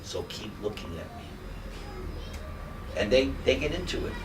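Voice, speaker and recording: A man's voice: lowish voice, lively intonation, moderate pace. A man giving a devotional class to a group, telling humorous and emotional stories. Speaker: devotional teacher. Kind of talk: spiritual class talk with storytelling. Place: hall in front of a live group. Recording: distant mic with noisy room ambience.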